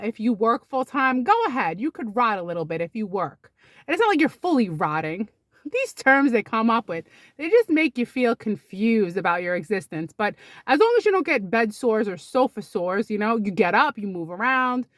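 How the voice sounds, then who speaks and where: A woman's voice: a little high, sing-song, normal speed, a bit bright, dry recording. A middle-aged woman doing a chatty comic monologue, telling stories and acting out the dialogue. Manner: chatty, storytelling, acts out quoted dialogue. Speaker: comedian. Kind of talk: casual comedic monologue.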